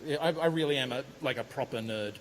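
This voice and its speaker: A man's voice: medium pitch, quick pace. A man hosting a live convention panel, upbeat and repeating questions from the audience. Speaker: panel host. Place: large convention hall stage. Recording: convention hall reverb, faint hiss.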